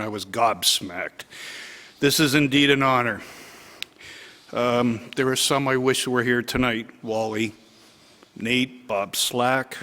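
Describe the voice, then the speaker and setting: A man giving a prepared, measured acceptance speech as an inductee. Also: mid-range voice, fairly bright tone, big-room sound.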